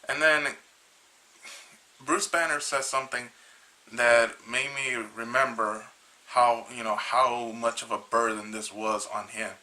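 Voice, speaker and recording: Bright-voiced man rambling through a comic. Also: medium pitch, fairly even intonation, poor audio. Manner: rambling, halting, with many restarts. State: a little tired. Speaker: comic book reviewer. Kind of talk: casual retelling of a comic.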